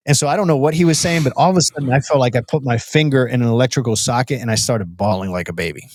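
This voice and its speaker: A man appears as a podcast guest, earnestly telling his personal testimony as a story, often restarting his sentences and casually calling the host "bro." His mid-range voice moves fast, recorded with clean studio sound and no echo.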